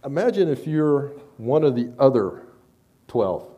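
A man preaching a sermon, conversational with stammered restarts, rising loud when he reads scripture. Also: medium pitch, very animated, measured pace, breathy edge.

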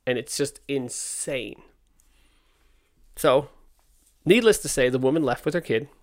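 A man's voice: mid-range voice, expressive. A young man, a podcast host, telling a story in casual, candid talk, exasperated, and acting out the dialogue. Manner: candid, exasperated, acts out dialogue in quick quotes. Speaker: podcast host, skate park owner.

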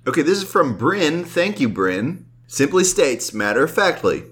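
A man's voice: on the high side, big pitch swings, moderate pace, a bit bright, husky. A man in his thirties hosting a podcast, chatting casually in a rambling, self-deprecating way. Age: 30s. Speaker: podcast host. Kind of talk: casual chat.

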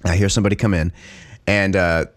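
A man's voice: deep voice, little pitch movement, fairly quick, dry recording, studio quality. A man co-hosting a podcast, telling a long story in casual talk, swearing freely and laughing at his own tale. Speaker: podcast co-host.

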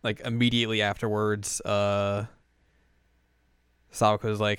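Man, casual chat co-host, animated retelling, smooth voice, dry close sound. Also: moderate pace, long pauses, no echo. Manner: animated retelling, pitching up for quoted characters. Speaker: podcast co-host. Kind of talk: casual chat recapping an anime.

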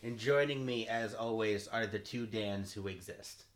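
A man runs a tabletop game podcast as its game master. His voice sits low and he jokes about himself in easy, casual chat. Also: measured pace. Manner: jokey, self-mocking.

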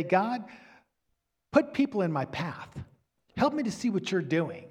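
A man preaching a sermon to a congregation in an earnest way, at times dropping to a soft near-whisper for emphasis. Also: a little high. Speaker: pastor.

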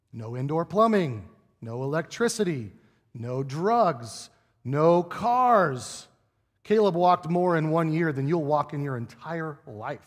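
A pastor giving a conversational sermon in a church, often asking his listeners rhetorical questions. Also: on the high side. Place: church sanctuary. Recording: long reverb of a church hall.

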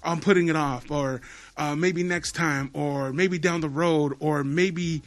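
A man's voice: fairly high pitch, steady tone, a little slow. A man co-hosting a podcast, talking in an earnest, profane, encouraging way. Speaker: podcast co-host. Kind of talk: casual chat.

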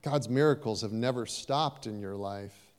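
A man preaching a sermon, animated and playful, acting out little voices and joking with the congregation. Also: fairly low pitch, measured pace. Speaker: pastor. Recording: long hall reverb.

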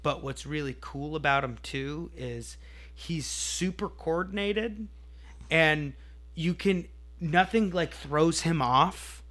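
A man's voice: on the high side, takes it slowly, fairly bright tone. A man co-hosting a podcast in casual chat, playful and rambling, joking with his co-host.

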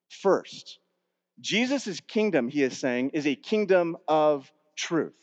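A man's voice: sits high, darkish tone. A male pastor preaching an earnest, emphatic sermon and quoting scripture, recorded in a church sanctuary. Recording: dull sound with long hall reverb.

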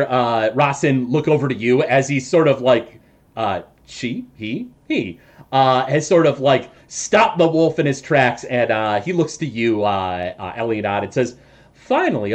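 A man narrating as game master of a tabletop game, hesitant with many fillers and jokes. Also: medium pitch.

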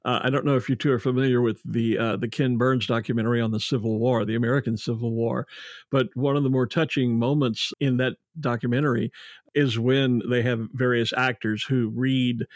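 A man hosting a podcast interview, talking with many restarts and warm praise for his guests. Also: mid-range voice, dry recording, clean studio sound. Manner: hesitant, repeats words, effusive praise. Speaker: podcast host. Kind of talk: interview chat.

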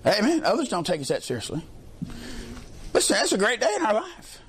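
A man preaching a sermon in a colloquial way, leading call-and-response with the congregation and often swelling into shouts. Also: sits high, wildly swooping pitch, a little fast, a little hiss or hum. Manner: colloquial, peppers lines with "amen", swells into shouts.

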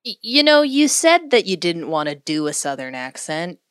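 A woman's voice: lowish voice, sing-song, normal speed, smooth, no echo, studio quality. A woman co-hosting an improv podcast in casual chat, teasing and then giving encouraging advice.

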